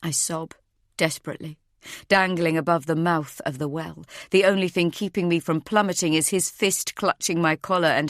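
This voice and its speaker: A woman narrating a first-person thriller audiobook in a tense, measured way. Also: lowish voice, dry recording, clean studio sound.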